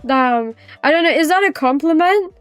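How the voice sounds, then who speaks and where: A woman's voice: high-pitched, lively intonation, normal speed, no echo, faint music behind. A young British woman livestreaming, chatting with viewers in a rambling, teasing way and laughing easily. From Britain. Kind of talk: casual chat with live viewers.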